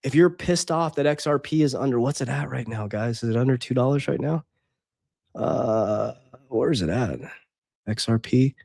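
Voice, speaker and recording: A man's voice: medium pitch, normal speed, vocal fry, a little mellow, no echo, studio quality. A man coaching viewers on money and investing in a casual monologue, hammering points home and checking in with "okay?". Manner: emphatic, repeats points, adds "okay?". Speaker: finance coach and app co-founder.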